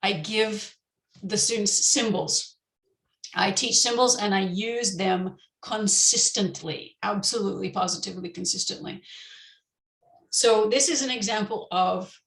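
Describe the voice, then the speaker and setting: Woman presenting with a gravelly voice. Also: medium pitch, roomy sound, rough recording. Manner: relaxed, explanatory, many ums and restarts. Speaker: teacher presenting at a conference. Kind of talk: conference talk on teaching pronunciation. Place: indoors, online session.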